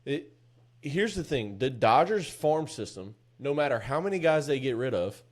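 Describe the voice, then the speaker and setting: A man's voice: mid-range voice, expressive, normal speed. A man co-hosting a casual sports podcast, talking emphatically and swearing freely as he argues his point. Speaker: podcast co-host.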